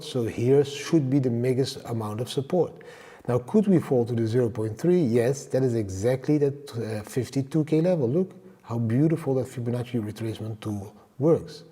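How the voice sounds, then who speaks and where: Upbeat man with a mellow voice. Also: mid-range voice, husky, big-room sound. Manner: enthusiastic, repeats "guys" and "for example". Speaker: crypto YouTuber. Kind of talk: casual monologue with trading and travel tips.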